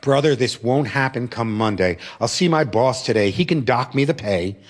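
A man's voice: mid-range voice, lively intonation, moderate pace, pitched below the performer's own voice, natural voice. A man doing a firm, worried working mother. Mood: earnest.

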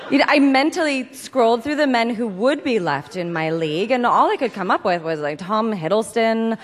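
Deadpan woman telling a comic story in a hall. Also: mid-range voice. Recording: long hall reverb.

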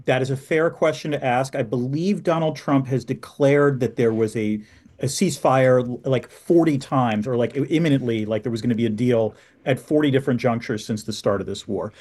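A man speaking as a guest expert in a radio interview, analytical and measured, with "um" and "like". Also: mid-range voice, darkish tone.

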